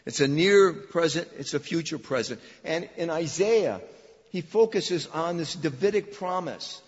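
A man preaching in a church, his voice slightly husky and a little higher than most men's. He drives points home by repeating phrases, mixing in dry asides. The recording is dull and lo-fi, with a long reverb from the sanctuary. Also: expressive, a little slow. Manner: emphatic, repeats phrases for emphasis, dry humor. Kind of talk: sermon.

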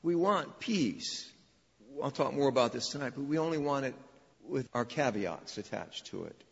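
Male preacher, emphatic and repetitive, dry humor; husky tone, long church reverb. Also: mid-range voice, lively intonation, normal speed. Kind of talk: sermon. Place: church sanctuary. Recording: dull echoey church recording.

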